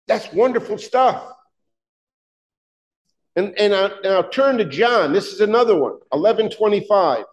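A man preaching a sermon, emphatic and fervent, often questioning his listeners, with halting restarts and "uh" fillers. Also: sits high, lively intonation, muffled recording. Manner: emphatic, rising to fervent peaks, asks the congregation questions.

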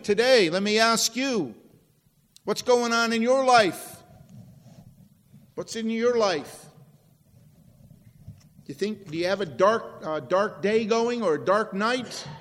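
A man delivers a sermon from the pulpit at an unhurried, measured pace. His voice sits high for a man, and he swings from loud stresses to hushed, near-whispered drops. A long reverb trails every word through the church hall. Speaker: pastor.

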